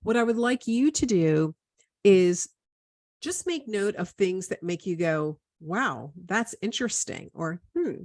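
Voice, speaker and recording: A woman presenter introducing a video in a talk, explaining step by step in a measured way. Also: medium pitch, lively intonation, darkish tone, no room sound, studio quality.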